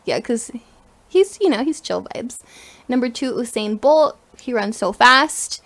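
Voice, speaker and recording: A young adult woman co-hosting a podcast, chatting casually and telling a lively story with bursts of laughter. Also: fairly high pitch, measured pace. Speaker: podcast co-host.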